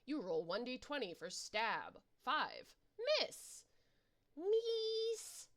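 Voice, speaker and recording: A woman reading a webcomic adventure aloud in an informal, animated way, narrating the dice rolls and action with playful reactions. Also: mid-range voice, unhurried. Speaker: reader and narrator.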